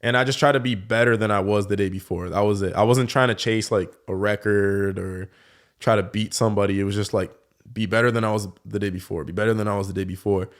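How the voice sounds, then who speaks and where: A man's voice: lowish voice, fast talker. A young man talking in a casual podcast conversation, telling stories loosely with lots of "like" fillers. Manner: relaxed storytelling, many fillers like "like". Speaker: guest, professional dunker.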